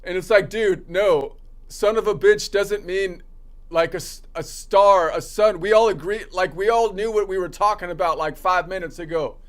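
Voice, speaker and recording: A man with a fairly high voice runs through stand-up material as a practice set. He rants with heavy sarcasm and drops into mocking impressions of the people he quotes. The delivery stays loose and conversational, like a comic working out a bit. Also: normal speed. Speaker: comedian practicing jokes.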